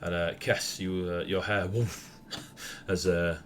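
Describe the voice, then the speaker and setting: A young Northern English man runs a tabletop game, describing scenes in a very low voice. He rambles easily, with plenty of ums, and laughs often as he narrates. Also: little pitch movement, takes it slowly, fairly bright tone, slight background noise. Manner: laid-back, laughs often, rambling with fillers. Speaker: game master.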